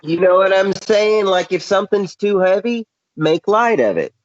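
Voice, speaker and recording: A man's voice: high voice, expressive, moderate pace, dry recording. A male radio co-host in casual chat, joking and musing wryly, over muffled lo-fi radio audio.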